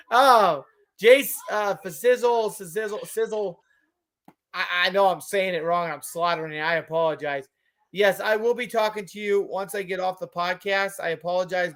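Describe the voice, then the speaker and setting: A woman's voice: fairly low pitch, a bit bright. A woman co-hosting a live wrestling podcast, speaking emphatically and laughing often. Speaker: podcast co-host. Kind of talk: casual wrestling chat.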